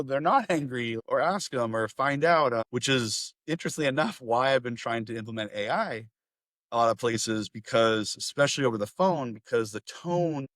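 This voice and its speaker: A man hosting a podcast in casual conversation, animated and laughing often as he talks in quick bursts. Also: medium pitch, dry recording. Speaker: podcast host.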